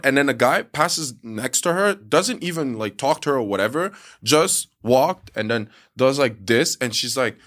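Animated man telling stories, filler-heavy. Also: mid-range voice, moderate pace. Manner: animated storyteller, acts out quotes, many "like" fillers. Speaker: podcast co-host. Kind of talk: casual podcast storytelling.

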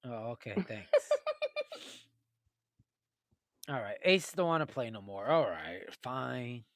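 Teasing male host with a lively voice. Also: medium pitch, slow, dry recording. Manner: teasing, chatty, laughs often. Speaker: host running a cereal tournament. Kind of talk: casual group voice chat.

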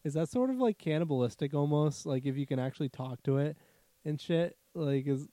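A man's voice: fairly high pitch, brisk, warm tone, dry recording. A man in casual, profane chat who laughs a lot and slips into silly animal voices.

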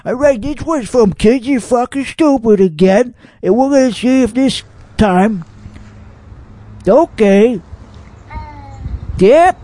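A man's voice: very high voice, lively intonation, slow, pauses often, dark tone, no room sound, studio quality. A man with a Texan accent hosting a podcast, reacting to internet videos in rambling, profane, mock-outraged casual commentary. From Texas. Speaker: podcast host.

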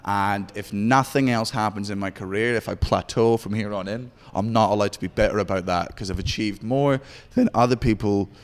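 A Scottish man in his thirties, a stand-up comedian in interview who talks in a profane, rapid storytelling way. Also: fairly low pitch, smooth, big-room sound. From Scotland. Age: 30s. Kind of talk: candid interview chat.

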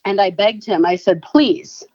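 A woman guest on an interview, giving a halting, earnest personal account. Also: mid-range voice, dry recording, lo-fi sound. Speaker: guest, advocacy founder.

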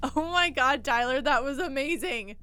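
A woman's voice: high-pitched, moderate pace, pushed and bright. A woman chatting casually, enthusiastic and giggly, rambling as she praises the story. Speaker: co-host, listener. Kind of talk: casual chat.

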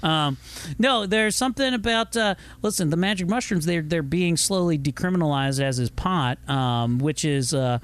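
A man with a noticeably high speaking voice chats on a podcast. He rambles and jokes, circling back with fillers and restarts. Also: moderate pace, clear, resonant tone. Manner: rambling, joking, many fillers. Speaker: podcast co-host. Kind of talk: casual chat.

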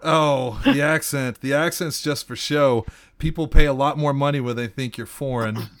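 A man's voice: mid-range voice, normal speed, fairly bright tone, no echo, close to an everyday voice. A man playing a vain, fed-up stage magician. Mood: flustered. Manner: whiny and self-important.

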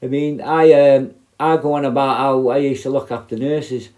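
A middle-aged man, in an average pitch, spins rambling stories from his days as a prison officer. He talks bluntly and swears freely in a casual, conversational way. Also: flat delivery, moderate pace, mellow. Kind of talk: casual storytelling.

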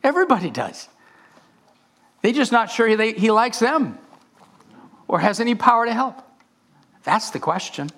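A man preaching a sermon with a rather high voice that swoops and rises all over the place. He speaks with passion, often repeating words and restarting his phrases as he builds his point. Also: big pitch swings, normal speed, pauses often, a bit bright. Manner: impassioned, with repetitions and restarts. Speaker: pastor.

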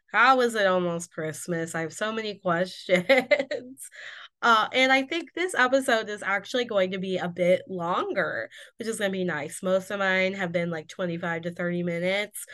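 A woman's voice: mid-range voice, sharp tone. A woman in her twenties from Indiana hosting a casual solo podcast, bubbly and candid, still a little congested from being sick. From Indiana, USA. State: recovering from illness, slightly congested. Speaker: podcast host.

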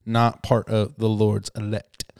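A man's voice: fairly low pitch, unhurried, creaky, smooth, dry recording, studio quality. A man co-hosting a podcast, retelling a parable in casual chat, acting out the voices and laughing often. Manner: animated storyteller, acts out voices, laughs often. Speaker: podcast co-host.

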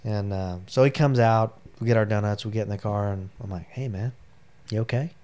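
As a guest in a long interview, a middle-aged military veteran tells personal stories in a rambling, heartfelt way full of fillers. His lowish voice is warm and clean, and he speaks briskly.

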